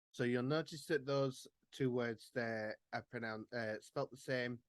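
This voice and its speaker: A man, teaching a Gaelic song workshop over a video call and reading the words slowly and carefully, one at a time. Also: mid-range voice, no echo. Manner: slow, careful word-by-word pronunciation. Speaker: Gaelic language tutor. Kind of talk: online workshop teaching pronunciation. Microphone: computer microphone on a video call.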